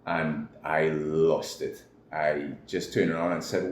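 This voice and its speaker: A man's voice: rumbling low, level tone, a little slow. A man with a Trinidadian accent, a guest telling his personal story candidly in an interview. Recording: echoey room with faint noise.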